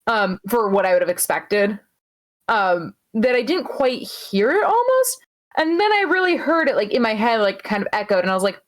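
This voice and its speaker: A woman co-hosting a podcast gives a loose wrestling recap play-by-play, casual, swearing, and packed with fillers. Her voice sits on the high side with big pitch swings at a moderate pace, and the audio is poor.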